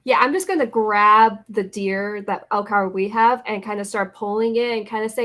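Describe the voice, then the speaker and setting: A woman's voice: medium pitch, normal speed, a bit bright. A woman as a player in a tabletop game, talking casually.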